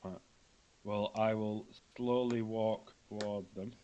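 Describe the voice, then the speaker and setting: A man's voice: fairly low pitch, steady tone, slow pace, dark tone, dull audio, a little hiss or hum. A man with a Northern English accent, a tabletop player joking around and playing mock-offended. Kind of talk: casual tabletop game play.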